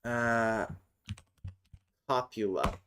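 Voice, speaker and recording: On a casual livestream, a streamer constructing her own language talks slowly, muttering as she types and searches for things. Her pitch is extremely low, a little bright, and clean in tone. Keys tap and click behind her.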